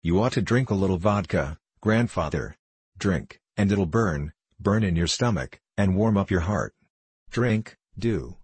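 A man's voice: low voice, expressive, measured pace, a little mellow, slightly rough, dry recording, heavily acted. A man voicing a boastful, chatty young ex-hotel attendant who plays the concertina. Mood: cheeky.

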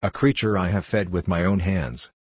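A gentle young working man, earnest and soft-hearted, read by a man in a deep voice. His tone is husky and low. The reading sounds dry and close. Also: normal speed, dry recording. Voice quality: earnest, pleading.

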